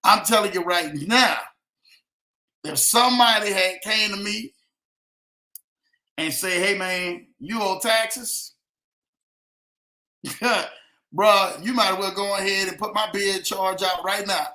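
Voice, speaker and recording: A man with a high-sitting, sharp-toned voice hosts a casual live stream in a reverberant space, speaking at a measured pace with long pauses. He reads viewer comments and chats in a laid-back way, laughing often and calling people "man" and "brother."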